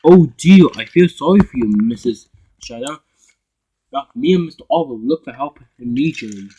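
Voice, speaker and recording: A man's voice: fairly high pitch, expressive, fairly quick, warm tone, husky, pitched above the performer's own voice, poor audio. A man doing a polite little brake van. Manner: polite, eager.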